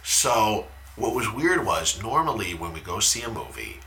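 A man in his thirties spins a long, funny story in a relaxed podcast chat, his pitch leaping all over the place. His tone is bright and forward, he swears freely and he yells out quoted lines. A faint hiss sits under the voice. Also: moderate pace. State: talking quietly at times because his wife sleeps.

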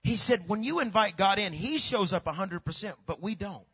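Male preacher, high and bright, husky edge, hushed-to-shouting delivery, dull lo-fi recording. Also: expressive, moderate pace. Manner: swings from hushed to shouting, repeats words. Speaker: pastor. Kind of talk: sermon.

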